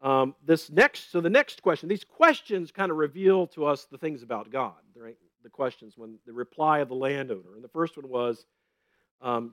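A man's voice: a little high, lively intonation, normal speed, fairly bright tone, dry recording. A man giving a conversational Bible teaching, telling stories with gusto and often checking in with "right?". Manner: chatty, keeps asking "right?", retells stories with gusto; laughs at his own stories.

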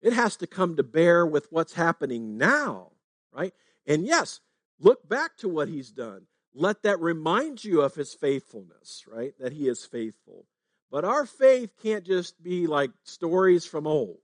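A man's voice: a little high, very animated, unhurried, no room sound. Conversational preaching man, dry sound. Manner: conversational preaching, frequent "right?" tags. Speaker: pastor. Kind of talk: sermon.

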